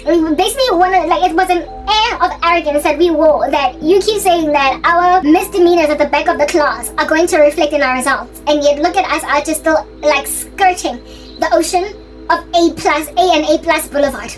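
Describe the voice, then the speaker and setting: A young woman telling a school story in a casual, animated, giggly way. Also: high voice, soft background music. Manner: giggly, animated, quick asides. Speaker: channel host.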